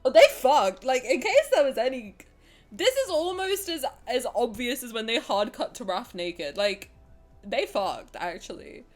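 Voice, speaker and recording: A woman's voice: fairly high pitch, big pitch swings, normal speed, soft background music. A woman streamer reacting on a livestream, laughing hard and swearing casually, crying with laughter.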